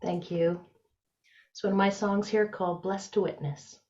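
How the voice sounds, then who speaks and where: A woman singer-songwriter who briefly introduces her own song in a soft-spoken way. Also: mid-range voice, fairly even intonation, moderate pace. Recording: dull lo-fi sound with loud live ukulele. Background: ukulele playing.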